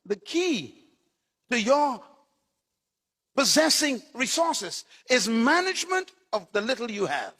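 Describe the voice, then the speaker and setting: High, bright-voiced preaching pastor. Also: male voice, very animated, slow, pauses often, breathy edge, long reverb tail. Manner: preaching in short punchy phrases, storytelling. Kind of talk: sermon.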